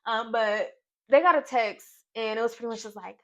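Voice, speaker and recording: Brief: woman from Nashville, sassy chatty reality-TV recap vlogger, high voice, muffled lo-fi recording. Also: normal speed. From Nashville, Tennessee, US. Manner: sassy, chatty, playful asides. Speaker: YouTube reality TV reviewer. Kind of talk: casual recap vlog. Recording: dull lo-fi sound.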